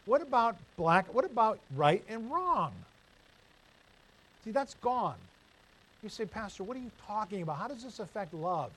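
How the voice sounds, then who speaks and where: High-voiced man preaching a sermon. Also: rough recording. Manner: storytelling, animated, asks the room rhetorical questions. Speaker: pastor.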